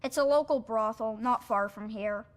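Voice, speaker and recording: Woman for a game NPC, a curt local informant; high, teasing, sharp. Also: moderate pace, close to an everyday voice. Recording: game audio from a playthrough.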